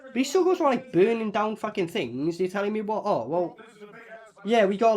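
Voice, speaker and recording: A man giving a casual reaction commentary on a film, excitable and profane, rambling with lots of fillers. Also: sits high, a little fast. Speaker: movie reviewer.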